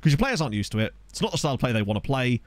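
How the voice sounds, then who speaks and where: Young streamer, lively pitch, dry close desk-mic sound, excitable play-by-play for a game. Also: male voice, rapid-fire, dry recording. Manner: chatty, excitable, reads chat aloud. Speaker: gaming streamer. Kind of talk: live gameplay commentary. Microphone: desk USB microphone.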